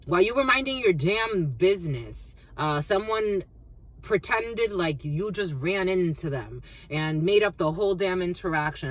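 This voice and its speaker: Husky low-voiced woman reading tarot. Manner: rambling, swears freely; free-associating, repeats phrases. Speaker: tarot card reader. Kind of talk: collective tarot reading to camera.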